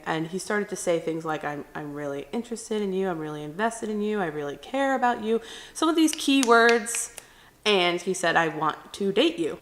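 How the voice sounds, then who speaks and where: A woman's voice: medium pitch, bright, forceful tone. A young woman talking candidly to the camera, telling a personal story and acting out what people said. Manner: candid, chatty, acts out quotes. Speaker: vlogger.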